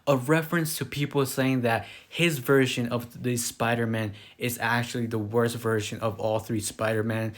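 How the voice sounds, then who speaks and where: A man's voice: mid-range voice, level tone, normal speed, few pauses. A man casually recapping a film plot in a loose, rambling way, full of fillers. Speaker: movie reviewer. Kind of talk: casual spoken movie recap.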